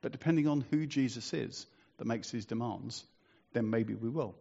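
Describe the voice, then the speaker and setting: A man's voice: medium pitch, moderate pace, creaky, dark tone, dull audio. A man preaching a sermon in a conversational, storytelling way, asking rhetorical questions.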